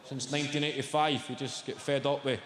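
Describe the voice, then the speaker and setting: A man's voice: mid-range voice, steady tone. A young Scottish man doing a stand-up routine, swearing freely and bantering with the crowd. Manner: swearing, quick banter with the audience. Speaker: stand-up comedian. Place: large comedy venue in front of a live audience. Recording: echoey hall, loud audience noise.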